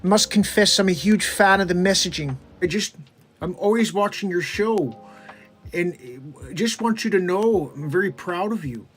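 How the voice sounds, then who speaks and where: A man's voice: high voice, expressive, moderate pace, fairly bright tone, faint music behind. A man doing a comedy impression of an earnest male psychology professor.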